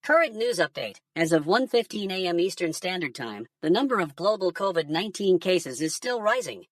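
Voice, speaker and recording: A woman's voice: lowish voice, big pitch swings, brisk, no echo, clean studio sound, recorded from a distance. A woman voicing a laid-back male alien pundit who curses and mocks humans in synthetic news commentary. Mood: mocking. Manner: cursing, mocking, stoner-casual.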